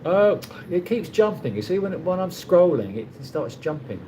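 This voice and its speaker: A middle-aged livestream host from London, England, speaks in a high voice with big swings in pitch at a normal speed, his tone mellow. The recording is rough, with slight background noise, as he chats casually in his London accent, reads viewer comments, and rambles with many restarts.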